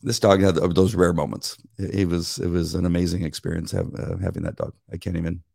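A middle-aged man co-hosting a casual chat, telling animated stories, acting out voices and laughing often. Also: sits low, quick pace, creaky, no echo, studio quality. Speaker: podcast co-host.

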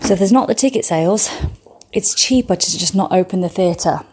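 A woman's voice: on the low side, brisk, a little mellow, slight background noise. A woman in her thirties from England, a comedian chatting casually and swearing freely in a vlog filmed on her phone. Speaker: comedian and vlogger. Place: home kitchen and seaside beach.

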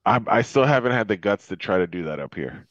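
A man's voice: fairly low pitch, animated, brisk, a bit bright, no room sound. Man, from Florida, casual rambling chat, swearing, laughing, muffled lo-fi sound. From Florida, USA. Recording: dull lo-fi sound.

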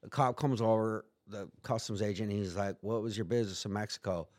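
A man's voice: fairly low pitch, fairly even intonation, fairly quick, a little mellow. A man telling a story in casual chat, rambling and profane, acting out quotes in put-on voices. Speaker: guest.

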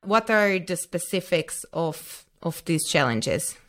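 A woman hosting an interview, asking thoughtful questions with a few hesitant pauses over a remote call. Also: lowish voice, expressive, fairly bright tone. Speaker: interview host.

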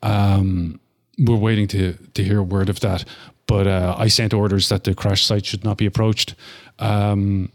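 A man voicing a nervous woman official in a hurry, hesitant and full of fillers, in a low voice. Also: level tone, measured pace, hardly any pauses, lightly acted.

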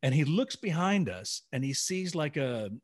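Animated man telling a story. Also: on the high side, normal speed. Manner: animated, acts out dialogue, laughs while telling. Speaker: podcast co-host. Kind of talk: casual storytelling.

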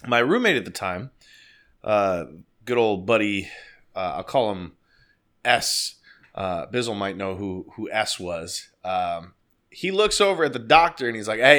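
Animated male guest, profane casual storytelling. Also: fairly low pitch. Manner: profane, animated, laughing as he tells it.

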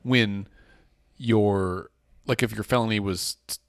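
A man with a very deep voice talks through the week's policy news in a casual, rambling way. He corrects himself mid-sentence and slips in jokes. The sound is close and dry, with no room around it. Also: fairly even intonation, takes it slowly, no echo. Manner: rambling, self-correcting, joking. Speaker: podcast co-host.

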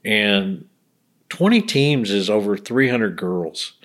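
A man's voice: fairly low pitch, sing-song, slow, a bit bright. A middle-aged man, a bereaved father telling earnest stories in a casual interview and acting out the people he quotes. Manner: earnest, acts out quoted voices.

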